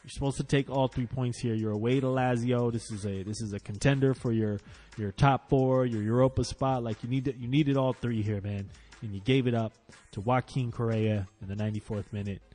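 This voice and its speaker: A man hosting a casual football podcast, running through results in an animated, profane way that gets loud when he is frustrated. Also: medium pitch, brisk, faint music behind. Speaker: podcast host. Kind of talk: casual football round-up chat.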